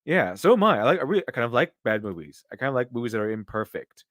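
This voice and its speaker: Man, middle pitch, dry close sound, rambling streamer commentary, opinionated, lots of restarts. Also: big pitch swings, rapid-fire, fairly bright tone, no echo. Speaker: streamer reading viewer donations. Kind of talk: casual live-stream commentary.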